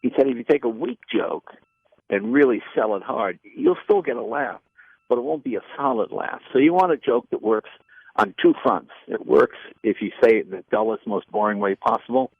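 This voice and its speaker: Gravelly older man telling stories. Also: medium pitch, moderate pace, no echo. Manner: animated anecdotes with quoted voices. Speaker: comedian and former talk show host. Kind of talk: storytelling interview. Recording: dull lo-fi dry sound.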